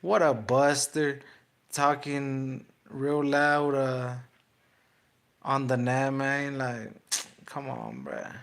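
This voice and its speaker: A man's voice: medium pitch, lively intonation, extremely slow, gravelly. A young man, a boxer, taunting his livestream chat in slangy, repetitive trash talk.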